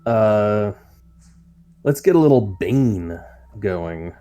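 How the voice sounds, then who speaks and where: A man's voice: fairly low pitch, lively intonation, very slow, dark tone. A man playing a tabletop game, explaining his turn with hesitant, stammering speech. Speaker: player.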